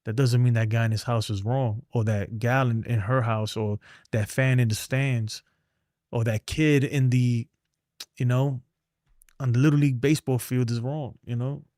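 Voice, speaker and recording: This sports streamer from New York is a middle-aged man with a medium-pitched, slightly mellow voice, fairly even intonation, and a moderate pace. The recording is dry and clean, studio-sounding. On his casual livestream he rants bluntly, rambles, and trails off mumbling.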